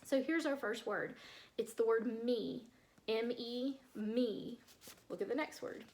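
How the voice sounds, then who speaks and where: Woman teacher, higher voice, slow and encouraging phonics delivery. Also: darkish tone. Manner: slow, clear sounding-out of word parts, encouraging. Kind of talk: phonics lesson for children.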